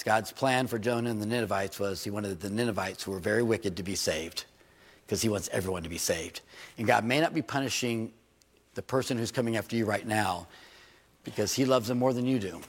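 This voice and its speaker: A man preaching a sermon in a church, animated and joking, with rhetorical questions to his congregation. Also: fairly low pitch. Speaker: pastor. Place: church hall. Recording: reverberant church hall.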